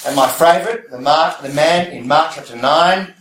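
A man's voice: fairly high pitch, moderate pace, a bit bright, roomy sound, far from the mic, slight background noise, rough recording. A man preaching a conversational sermon, often checking in with his listeners through rhetorical questions.

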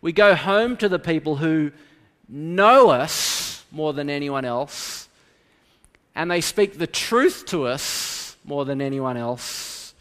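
A pastor preaching a sermon in a church, swinging between loud emphasis and hushed quiet. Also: male voice, on the high side, animated, takes it slowly, clear, resonant tone. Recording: long reverb of a church hall.

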